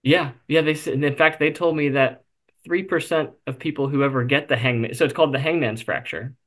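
A man's voice: a little high, brisk. A man being interviewed, telling a personal story candidly, with self-deprecating humor and frequent fillers. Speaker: interview guest.

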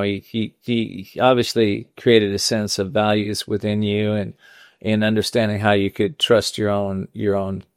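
Interview host, gravelly voice, dry close sound, affirming. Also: mid-range voice, dry recording. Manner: affirming, short backchannels, reflective summaries. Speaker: podcast host. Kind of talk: casual interview chat.

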